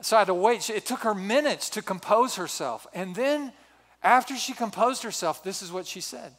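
A man in his sixties, a pastor telling a personal story in a sermon with animated, self-mocking humor. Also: high-pitched, normal speed. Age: 60s. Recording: reverberant hall.

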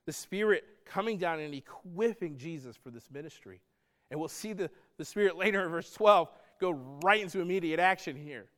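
A man's voice: a little high, lively intonation, normal speed, a bit bright. A man preaching a sermon, earnest and conversational, building to emphatic points. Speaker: pastor.

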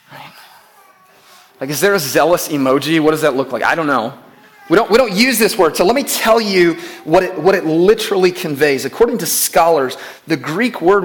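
A pastor preaching to his church in an emphatic way, repeating key phrases and putting questions to the congregation. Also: fairly high pitch. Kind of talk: sermon.

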